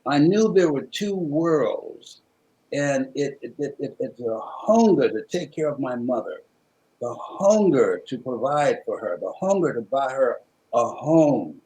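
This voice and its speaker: A man's voice: mid-range voice, animated, unhurried, rough recording. A man from Miami, a motivational speaker, telling a personal story in a preacherly way with rhythmic repetition. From Miami, Florida. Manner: preacherly, with rhythmic repetition and dramatic swings in loudness.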